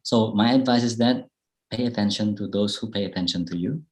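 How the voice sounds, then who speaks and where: A man from Bali with an Indonesian accent, answering audience questions in a relaxed, modest way during an online talk. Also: fairly low pitch, fairly quick. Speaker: guest speaker. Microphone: video call.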